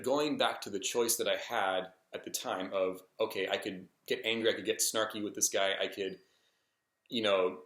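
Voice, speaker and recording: In an echoey room, a man vlogs a rambling personal story to camera, casual and hesitant, with plenty of ums and restarts. His voice is lowish and a bit bright.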